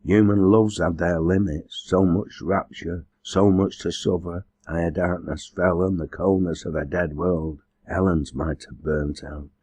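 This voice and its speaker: A man reading a novel aloud as an audiobook narrator, in a measured, earnest way. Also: deep voice, fairly even intonation, darkish tone, husky, no echo. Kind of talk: scripted narration.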